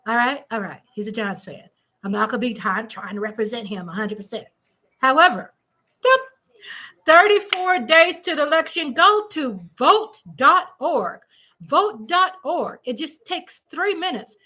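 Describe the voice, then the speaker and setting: A woman's voice: high-pitched, bright, forceful tone. A woman hosting a casual live stream from home, chatty and playful, reading out viewer comments.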